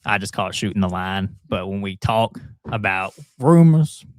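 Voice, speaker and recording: A man's voice: lowish voice, expressive, moderate pace, no room sound, clean studio sound, close to an everyday voice. A man voicing a folksy old Southern man who gossips, with a drawling Southern accent and a homespun way of talking.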